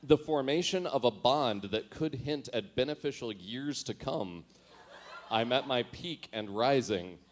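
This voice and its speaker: A man's voice: mid-range voice, a little slow. A man comically reads aloud from his teenage diary in a mock-earnest, dramatic way, often laughing at himself and adding sheepish asides. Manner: self-mocking, often laughing through lines; dramatic, mock-earnest delivery when reading entries. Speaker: storyteller reading his old teenage diary. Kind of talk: comedic reading of diary entries with asides.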